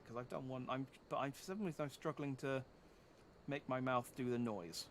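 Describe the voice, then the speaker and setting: A man's voice: mid-range voice, moderate pace. A male streamer chatting playfully while playing a game and reading its dialogue aloud. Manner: playful, theatrical, self-mocking. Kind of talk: casual game commentary with character voices.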